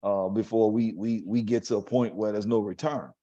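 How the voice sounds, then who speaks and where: A man hosting a talk show, asking thoughtful, measured questions in a conversational way. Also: fairly low pitch, steady tone, dark tone, lo-fi sound. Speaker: host.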